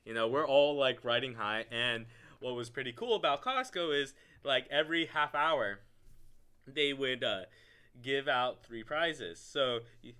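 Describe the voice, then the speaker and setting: Very bright-voiced young man telling a story. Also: mid-range voice, unhurried, smooth. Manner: animated storyteller, loud laughing bursts, lots of filler words. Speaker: podcast co-host. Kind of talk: casual storytelling chat.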